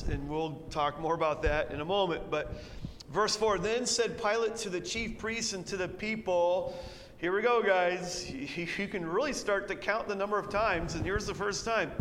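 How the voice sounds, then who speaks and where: A high-pitched man teaching through a Bible passage in an animated way, jumping into the characters' voices as he goes. His voice rings with a long reverb, and faint noise sits under it. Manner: animated, acts out quoted characters with shifts in pitch. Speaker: preacher.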